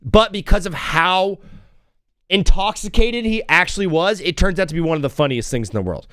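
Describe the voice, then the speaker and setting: A young man hosting a casual sports talk show, joking and shifting quickly between loud outbursts and mumbled asides. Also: high-pitched, expressive, dry recording, clean studio sound. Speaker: host.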